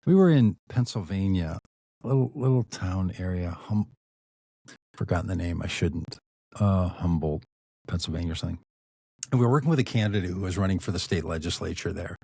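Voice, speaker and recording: Guy telling a long story on a podcast, lowish voice, laid back, drops into mumbly asides, dry sound. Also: brisk, gravelly, husky, no room sound. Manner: relaxed, anecdotal, trails off into low asides. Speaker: podcast guest, activist and author. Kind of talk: storytelling in conversation.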